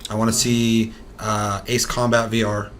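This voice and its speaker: A young man with a lowish voice rants about games on a casual podcast. He swears constantly and laughs between jabs. A faint hiss runs under the recording. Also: little pitch movement, unhurried, a bit bright. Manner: profane, ranting, laughs often. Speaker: podcast co-host. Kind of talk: casual gaming podcast chat.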